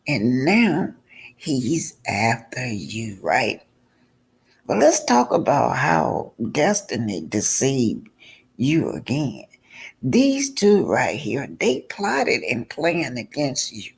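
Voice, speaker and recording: A man's voice: mid-range voice, huge pitch swings, takes it slowly, creaky, breathy edge. A man giving casual vlog commentary on a reality show, talking straight to his viewers and repeating points for emphasis.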